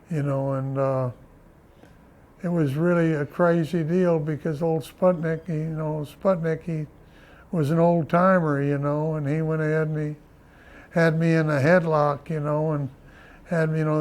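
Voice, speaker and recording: Older man telling a rambling story. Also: a little high. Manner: rambling, laughing often, many fillers. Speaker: former wrestler. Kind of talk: storytelling interview.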